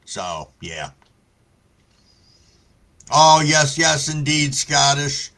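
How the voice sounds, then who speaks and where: A man with a slightly high, sharp-toned, very animated voice hosts a casual live stream, speaking slowly with long pauses. He reads the chat, greets viewers by name, and tells stories in a laid-back way with lots of swearing.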